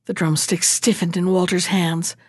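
A woman reading a fairy tale aloud as the storyteller of the show, rising high and animated in tense moments. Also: normal speed, dry recording, studio quality.

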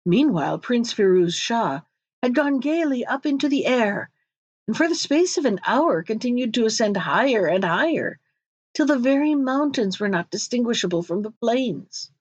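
A woman narrating a fairy tale in a measured, expressive storybook reading. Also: on the high side, no echo, dull audio.

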